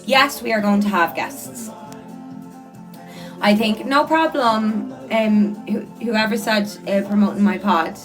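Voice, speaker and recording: A woman's voice: medium pitch, takes it slowly, music in the background. Earnest, chatty young woman. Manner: chatty, earnest, repeats words for emphasis. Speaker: livestreamer and podcast host. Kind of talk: casual livestream chat, reading viewer comments.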